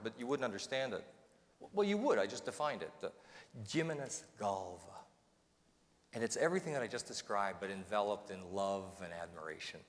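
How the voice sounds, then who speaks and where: North American man, keynote storyteller, animated pitch, roomy hall reverb. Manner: animated, self-mocking storyteller. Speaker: motivational speaker. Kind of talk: humorous storytelling speech. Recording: reverberant hall, faint noise.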